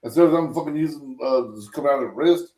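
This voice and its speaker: A man in casual chat who talks haltingly, repeating words as he chimes in. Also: fairly high pitch, warm tone, distant mic. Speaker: podcast co-host. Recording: roomy echo, away from the mic.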